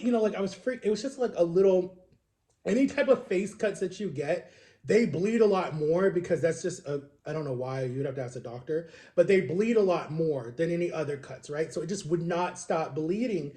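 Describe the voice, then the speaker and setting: A man's voice: sits high, normal speed, dark tone. A young man telling a rambling personal story in casual vlog chat, acting out other people's lines in a raised voice. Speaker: vlogger. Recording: roomy echo.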